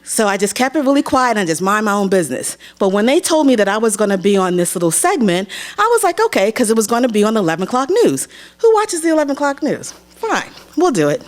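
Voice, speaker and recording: Onstage at a theater, a young woman from Pennsylvania rattles through a personal story fast, her voice on the high side. She animatedly impersonates the people in it, giving each their own voice.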